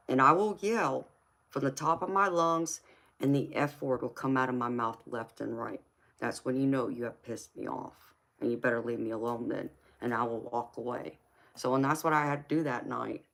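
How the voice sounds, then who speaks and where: A woman's voice: rumbling low, a bit bright. Passionate woman chatting on a live stream. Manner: passionate, emphatic, talks to chat with endearments. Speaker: tarot reader and live streamer. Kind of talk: casual live-stream chat with viewers.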